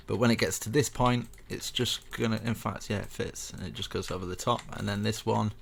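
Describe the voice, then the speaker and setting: A man's voice: fairly low pitch, steady tone, brisk, creaky, slight background noise. A young man casually walking viewers through a building tutorial step by step, chatty and rambling with self-mocking asides.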